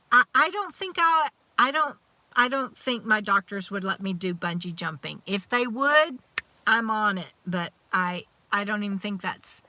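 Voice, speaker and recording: A middle-aged woman with a drawl chats through a casual live stream, wandering from topic to topic and restarting her sentences. Her voice is bright and sits a little high. The sound is close and dry. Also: no echo. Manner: chatty, rambling, frequent restarts and laughs. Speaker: live chat host.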